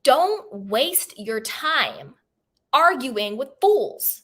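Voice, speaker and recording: A woman's voice: on the high side, measured pace, fairly bright tone. A woman self-help coach giving an emphatic, conversational motivational talk straight to camera, repeating her key points.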